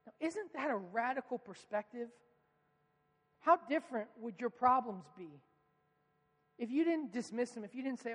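A man's voice: very high-pitched, lively intonation, moderate pace, long pauses, fairly bright tone, big-room sound. A man preaching a sermon as the church's pastor, earnest and asking the congregation questions.

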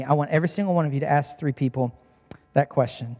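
Earnest high-voiced man preaching in a hall. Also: quick pace, dark tone. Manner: earnest and emphatic, repeating key lines. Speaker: pastor. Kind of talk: sermon. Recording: long hall reverb.

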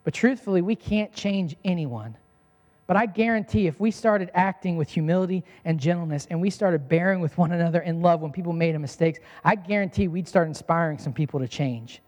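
A man in his thirties preaches a sermon as a pastor, earnest and emphatic, repeating his key lines. His voice is a little high and darkish in tone, brisk in pace, with a long hall reverb on the recording.

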